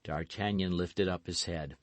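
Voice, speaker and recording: A man narrating a classic novel as an audiobook in a measured, unhurried manner. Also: low voice, steady tone, no room sound. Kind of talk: scripted narration.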